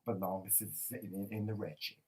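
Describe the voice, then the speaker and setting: A man co-hosting a casual talk show, animated and colloquial, often laughing as he tells stories. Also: on the low side, brisk. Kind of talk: casual chat.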